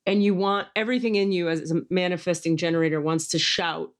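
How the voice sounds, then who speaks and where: A woman's voice: on the low side, fairly even intonation, fast. A woman hosting a podcast in casual chat, talking intensely and emphatically and acting out quoted voices as she tells stories. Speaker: podcast host.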